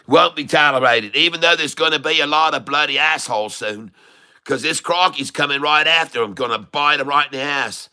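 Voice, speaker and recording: A man's voice: on the high side, fairly quick, bright, forceful tone, clean tone. A man hosting a casual day-trading livestream, talking in a folksy, joking, rambling way.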